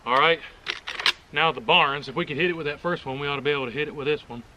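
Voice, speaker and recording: A man's voice: fairly high pitch, fairly even intonation, fast talker, lo-fi sound, background noise. A man hosting a casual outdoor shooting demonstration, talking in a folksy, joking and enthusiastic way, recorded on an action camera outdoors at a rural range. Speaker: firearms video host.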